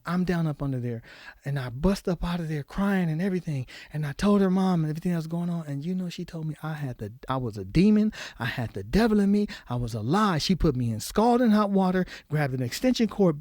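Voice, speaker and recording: A man telling a painful personal story as a podcast guest, halting and repeating words, his voice often dropping low and soft. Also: dry recording, studio quality.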